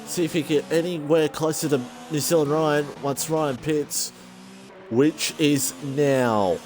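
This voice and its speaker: A man commentates a sim racing league race at an unhurried pace, with slight background noise. He's excitable and self-deprecating, and his voice jumps high when battles get close.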